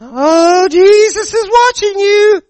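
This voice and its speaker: A man's voice: very high-pitched, animated, slow, darkish tone, no echo, pitched above the performer's own voice, exaggerated voice. A man voicing a persistent old talking parrot, squawking the same words over and over in a sing-song way. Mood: taunting. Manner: sing-song, repeating itself.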